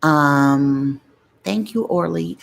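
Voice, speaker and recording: A middle-aged woman with a notably low voice hosts a casual live-stream. She rambles happily from one story to the next and stops now and then to answer viewers' comments. She sounds relaxed and talkative, like she is chatting with friends. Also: very slow, vocal fry. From Massachusetts, USA. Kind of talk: casual live-stream chat while eating.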